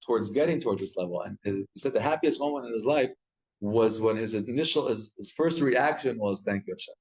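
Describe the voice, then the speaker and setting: A man teaching a Torah class, telling stories with lively acted-out quotes and frequent restarts. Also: lowish voice, a little fast, low-quality recording. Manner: animated storytelling, acts out quotes, frequent restarts.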